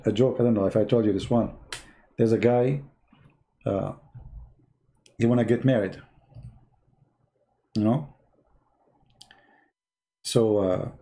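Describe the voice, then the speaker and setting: Gravelly, dark-voiced man. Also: fairly low pitch. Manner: sarcastic, rambling, with frequent restarts. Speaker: online commentator. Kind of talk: casual spoken commentary.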